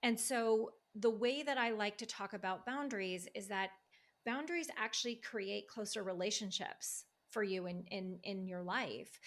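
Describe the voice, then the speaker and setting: A woman speaking as a divorce recovery coach in a casual podcast conversation, emphatic and animated, acting out quoted voices. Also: mid-range voice. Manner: emphatic, fired up.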